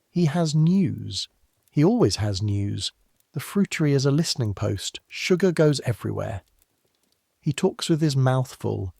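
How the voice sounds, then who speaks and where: A man narrating a scripted bedtime history story in the second person, slow, soft and unhurried, with hushed asides. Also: fairly low pitch, gravelly, no echo, studio quality.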